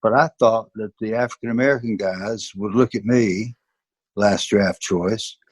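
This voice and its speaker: Husky older man with a Southern accent. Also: fairly low pitch, measured pace, dry recording. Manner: earnest, emphatic storyteller. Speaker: guest, former football player and coach. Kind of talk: interview, personal storytelling.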